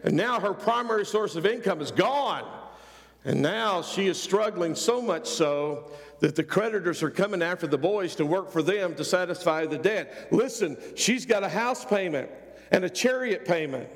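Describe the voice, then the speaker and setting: Pastor, middle-aged man, fervent repetitive sermon delivery, raspy edge, reverberant church. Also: sits high, expressive, normal speed. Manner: preaching with rising fervor, repeated phrases.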